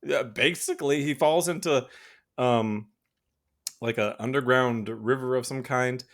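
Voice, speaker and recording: A man's voice: mid-range voice, a little slow, fairly bright tone. A man co-hosting a podcast in casual chat, rambling with many fillers and frequent laughter. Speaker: podcast co-host.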